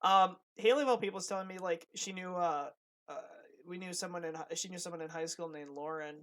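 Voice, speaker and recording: A man's voice: high voice, fairly even intonation, fast, fairly bright tone. Rambling young man on a podcast. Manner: rambling, many restarts and fillers. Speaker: podcast co-host. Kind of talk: casual podcast chat.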